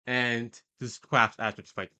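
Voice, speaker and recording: A man's voice: medium pitch, animated, measured pace, a bit bright. A man giving casual, rambling tier-list commentary, hesitating often and correcting himself mid-sentence. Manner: hesitant and rambling, many fillers and self-corrections. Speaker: video host ranking characters.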